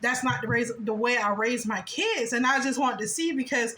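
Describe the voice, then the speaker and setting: Woman in her 30s chatting on her vlog, kinda high bright voice, jumps into squeaky quote voices, roomy echo. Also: normal speed, slight background noise. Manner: animated, jumps into high-pitched quoted voices and laughs often. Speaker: spiritual vlogger. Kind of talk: casual storytelling monologue. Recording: echoey room.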